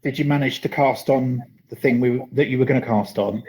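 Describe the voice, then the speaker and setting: A man co-hosting a web show, reading out viewer comments in a steady, matter-of-fact way. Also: medium pitch, brisk, rough recording. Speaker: co-host.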